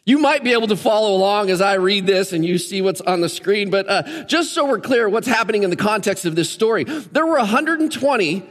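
A man's voice: high voice, lively intonation, fairly quick, few pauses, in a large hall. A man in his fifties, a lead pastor giving a casual, joking sermon with many fillers in a church auditorium.

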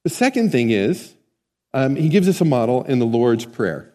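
A man's voice: mid-range voice, big pitch swings, normal speed, warm tone. A man preaching a sermon in a conversational way, often asking the congregation questions. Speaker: pastor. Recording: long hall reverb.

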